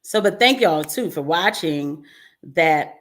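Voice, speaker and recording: A young adult woman hosting a casual commentary livestream, chatty and animated, with frequent laughs and asides to her viewers. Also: low voice, takes it slowly. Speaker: livestream host.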